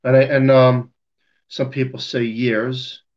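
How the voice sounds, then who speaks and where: A man's voice: mid-range voice, little pitch movement, slow, a little mellow, highs cut off. A man interviewing a guest, pressing his questions and repeating key words.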